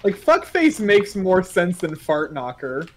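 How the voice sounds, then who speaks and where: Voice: medium pitch, big pitch swings, unhurried, a little hiss or hum. A game streamer chatting casually with friends, loose and laughing, swearing often. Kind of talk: casual chat while gaming.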